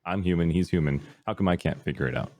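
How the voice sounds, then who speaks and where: Very deep-voiced man telling a personal story. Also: quick pace, darkish tone. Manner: candid and earnest, trailing fillers. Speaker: podcast guest, streamer.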